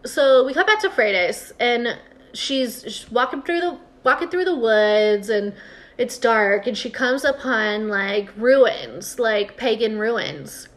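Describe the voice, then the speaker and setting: A woman's voice: fairly high pitch, animated, slow. A young woman casually recapping a TV episode on a podcast, chatty and full of "like", acting out the characters' lines as she goes. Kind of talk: casual chat.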